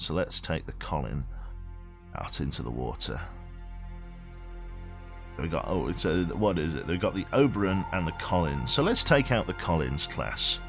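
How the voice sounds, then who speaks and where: A deep-voiced man chatting loosely through a game stream, his pitch bouncing up and down in a lively way. He rambles, reads on-screen text aloud and swears offhand, with faint game music behind him. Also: gravelly. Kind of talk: casual live game commentary.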